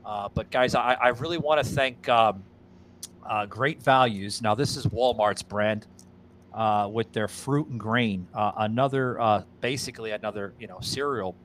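A man's voice: fairly low pitch, moderate pace, a bit bright. A man hosting a casual podcast, rambling and repeating himself, stammering through a sponsor read and swearing freely. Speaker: podcast host.

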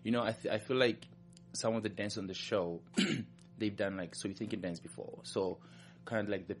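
A man's voice: fairly low pitch, fairly even intonation, fairly quick, faint music behind. A man with a non-American accent, a professional dancer chatting as a guest in an interview, upbeat and emphatic, often repeating himself. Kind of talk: casual interview chat.

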